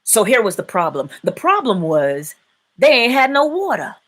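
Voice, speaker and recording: A woman hosting a live-stream inspirational talk, preaching in an animated way and laughing often. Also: fairly high pitch, normal speed, breathy edge. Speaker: inspirational speaker and host.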